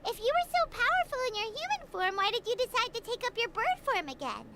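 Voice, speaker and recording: A woman voicing a small, chirpy, curious fairy companion in a video game, asking excited questions. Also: extremely high pitch, a little fast, noisy background, heavily acted.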